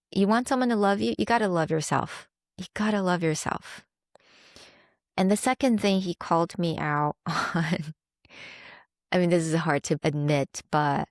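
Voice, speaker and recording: A young woman hosts her podcast in an open, confessional monologue, thinking aloud with a soft laugh now and then. Her voice sits a little low for a woman. The sound is dry, with no room echo. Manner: reflective and confessional, with small laughs. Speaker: podcast host. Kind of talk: candid personal monologue.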